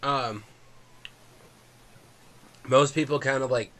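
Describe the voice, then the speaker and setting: A man's voice: medium pitch, fairly even intonation, slow pace, pushed and bright. A man narrating as game master of a tabletop game, rambling with fillers.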